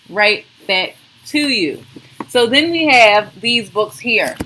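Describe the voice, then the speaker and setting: A woman's voice: medium pitch, fairly bright tone, a little hiss or hum, rough recording. A woman hosting a casual live stream, chatting and greeting viewers by name. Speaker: soap maker and live-stream host.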